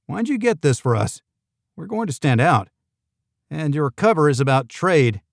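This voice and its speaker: A man voicing a sardonic, deadpan government agent who sounds exasperated, in a gravelly voice. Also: on the high side, moderate pace, no room sound, clean studio sound, voice pushed up. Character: sardonic middle-aged male government agent.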